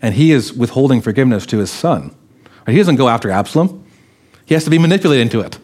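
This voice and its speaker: A man, a pastor, preaching a sermon, animatedly acting out the voices of the people he quotes. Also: fast. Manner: animated, acts out quoted voices with raised pitch.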